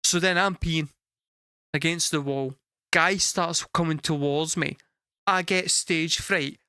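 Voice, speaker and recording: A young Scottish man telling a story casually to a live chat, animated and swearing freely, laughing through the punchlines. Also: high-pitched, smooth, dry recording, studio quality. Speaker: music reaction streamer.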